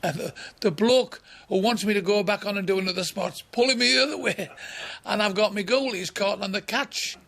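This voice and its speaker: Gravelly comedian in his sixties. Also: high voice, brisk, fairly bright tone. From England. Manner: blunt, bawdy, chuckling raconteur. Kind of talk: anecdotal storytelling in an interview.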